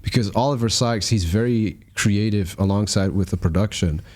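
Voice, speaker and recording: A man hosting a music reaction, chatting excitedly and rambling about songs. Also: lowish voice, normal speed. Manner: rambling, excitable, laughs and scats rhythms. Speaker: reaction channel host. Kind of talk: casual music reaction chat.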